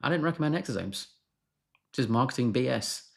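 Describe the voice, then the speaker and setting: A man's voice: medium pitch, animated, fairly quick, creaky. A man who is a doctor answering viewer questions on a live stream, frank and blunt, brushing off marketing claims.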